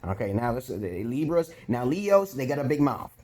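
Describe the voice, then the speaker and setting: This dating vlogger from Brooklyn speaks in a New York accent at a normal speed, his mid-range, darkish voice very animated. He chews gum while delivering a rambling, blunt, foul-mouthed monologue from home.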